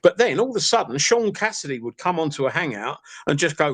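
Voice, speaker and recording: A man's voice: fairly high pitch, big pitch swings, quick pace, few pauses, fairly bright tone. A man with an East London accent lecturing insistently in a heated casual argument, calling the listener mate and fella. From England. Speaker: live stream participant.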